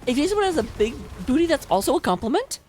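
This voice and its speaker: A woman's voice: high-pitched, very animated, racing, a little mellow, a little hiss or hum. A woman casting a live online video game match, chatty and self-mocking, laughing easily between plays. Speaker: esports caster.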